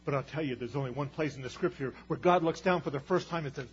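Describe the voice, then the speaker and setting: Male pastor, fairly high voice, animated sermon delivery swinging loud and soft; muffled recording, light hum. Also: quick pace, few pauses, slightly rough. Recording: dull sound with faint hum.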